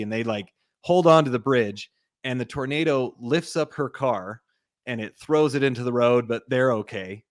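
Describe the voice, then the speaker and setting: A man's voice: mid-range voice, normal speed, dry recording, studio quality. A young man co-hosting a podcast, rambling through a movie plot with lots of fillers. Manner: rambling retelling, lots of "like", acts out quotes. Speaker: podcast co-host. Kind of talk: casual movie recap chat.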